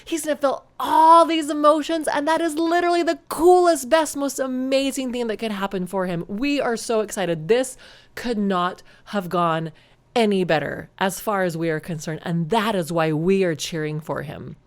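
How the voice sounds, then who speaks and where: A woman voicing a joyful, kind male angel who explains things in an excited, reassuring way. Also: medium pitch, moderate pace, voice pushed up, natural voice.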